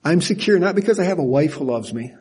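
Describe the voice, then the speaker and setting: An older man preaching a sermon in a folksy, animated way, laughing at himself now and then. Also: fairly high pitch, fast talker, breathy edge. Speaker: pastor.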